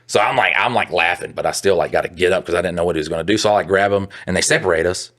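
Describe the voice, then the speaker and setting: A man's voice: low voice, racing, fairly bright tone. A young adult man co-hosting a podcast, rambling through a profane work story in casual chat. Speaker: podcast co-host.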